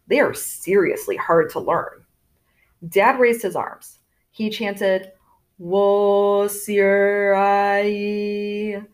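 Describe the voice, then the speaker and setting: A woman narrating a storybook in first person with expressive delivery, voicing characters in turn. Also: medium pitch. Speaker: audiobook narrator.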